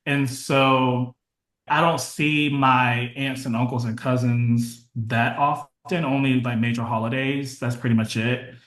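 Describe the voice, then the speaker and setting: Candid podcast guest in echoey room. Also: male voice, mid-range voice, steady tone, measured pace, a bit bright. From United States. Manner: candid, talks in short restarting phrases with many fillers. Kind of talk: casual interview conversation.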